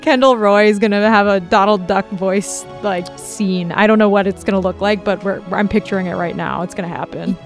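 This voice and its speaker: A playful woman co-hosting a podcast, joking around and laughing in casual chat. Her voice sits at a middle pitch, with faint music underneath. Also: fairly even intonation, brisk, few pauses. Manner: playful, laughs often, jokey. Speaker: podcast co-host and producer.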